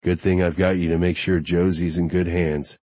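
A man's voice: deep voice, level tone, normal speed, mellow, dry recording. A man voicing an earnest, friendly young newlywed in an audiobook, talking sincerely and a bit sheepishly.

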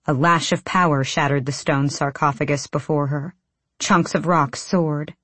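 Female audiobook narrator, low voice, intense and measured reading. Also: no room sound.

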